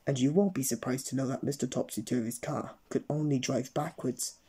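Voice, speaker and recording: A man's voice: medium pitch, steady tone, brisk, mellow, breathy edge. A man reading a children's story aloud in a playful storytelling manner. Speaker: storybook reader.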